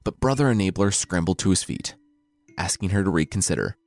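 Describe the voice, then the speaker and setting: A male storyteller with a fairly low voice that moves through a lively pitch range. He retells the story with irreverent, sarcastic asides. The recording is dry and close, with no room around it. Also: a little fast, creaky, no echo, soft background music.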